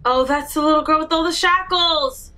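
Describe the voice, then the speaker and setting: A woman's voice: sits high, moderate pace, bright, forceful tone. A woman hosting a casual reaction video, reacting aloud with gushing exclamations. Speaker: reaction channel host.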